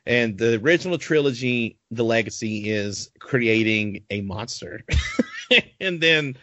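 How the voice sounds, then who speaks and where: A man talking on a podcast in a lively, profanity-laced rant, laughing as he goes. The recording is dull and lo-fi with a dry, close sound. His voice sits at an ordinary pitch for a man. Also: a little slow, dry recording. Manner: animated, profane ranting with frequent laughs. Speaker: podcast co-host. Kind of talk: casual podcast chat.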